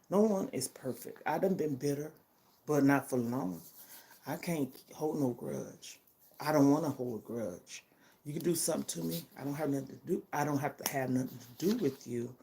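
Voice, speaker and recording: Older lady chatting on her vlog, low mellow voice, real earnest, keeps asking okay?. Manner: emphatic and heartfelt, keeps checking in with "okay?". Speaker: vlogger. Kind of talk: casual personal vlog chat.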